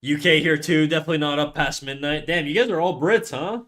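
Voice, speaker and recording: A man's voice: on the high side, brisk. A man chatting casually with his viewers during a drawing livestream, rambling and often dropping to a mutter as he works. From Canada. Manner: rambling, chats with viewers, drops to quiet muttering while working. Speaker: streamer.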